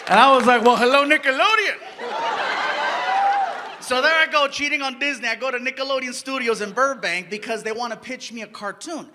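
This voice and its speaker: A man tells animated stand-up comedy stories, breaking into shouts and put-on voices. His voice sits very high for a man. The live stage recording carries a clear layer of noise. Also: quick pace, few pauses, some chatter behind.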